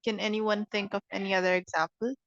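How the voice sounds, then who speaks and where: A woman at a middle pitch teaches an English lesson, explaining patiently and often stopping to ask "okay?". The recording is dull and lo-fi, with a dry, close sound and little room echo. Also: little pitch movement, fast, fairly bright tone. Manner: patient, explains step by step, checks understanding with "okay?".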